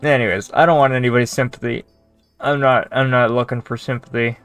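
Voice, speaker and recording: A man's voice: medium pitch, fairly even intonation, fairly quick, fairly bright tone, clean tone, soft background music. A man, a gaming video creator, ranting casually with lots of swearing, sarcasm and exasperation. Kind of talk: casual rant to camera.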